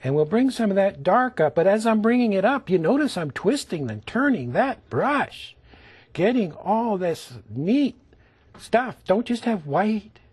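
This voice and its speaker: Male painting instructor, TV lesson; unhurried, hushed and coaxing, lively pitch that drops into whispers. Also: slightly rough, no echo. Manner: gentle, often dropping to a whisper while demonstrating strokes; coaxing, keeps asking the viewer to look.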